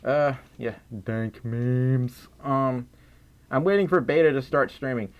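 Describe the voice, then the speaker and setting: A Mississippi livestream host with a Southern accent chats casually and reads out donations, sounding tired, giggly and a bit silly as he often trails off and restarts. His voice is medium-pitched at a moderate pace, and the audio is dull.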